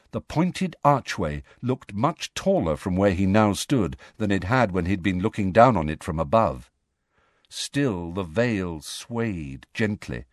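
A man with a lowish voice narrates a storybook, letting his pitch rise and fall widely as he tells the scene. The reading is close and dry, with no room around it. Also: no echo. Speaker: audiobook narrator. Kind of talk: scripted narration.

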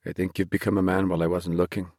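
A man voicing a worried, tender farmer father in a storybook, speaking low and sorrowfully. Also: level tone, quick pace, a little mellow, no room sound, studio quality.

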